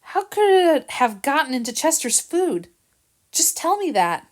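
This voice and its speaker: A woman's voice: sits high, expressive, moderate pace, pitched above the performer's own voice. A woman reading aloud and voicing Jill, a distressed young woman who works at a kennel. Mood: upset. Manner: tearful, distressed. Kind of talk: audiobook reading.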